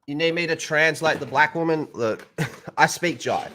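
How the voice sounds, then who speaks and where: Crude, joking Australian stream host, bright and forceful. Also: male voice, fairly high pitch, unhurried, slight background noise. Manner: crude, loud, joking, swears often. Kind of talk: casual live-stream chat.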